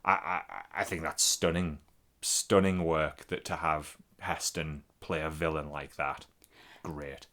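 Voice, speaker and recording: Man, forties, very low voice, sweary rambling podcast chat. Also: little pitch movement, takes it slowly, a bit bright. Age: 40s. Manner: sweary, rambling, laughs a lot. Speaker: podcast co-host. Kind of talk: casual chat.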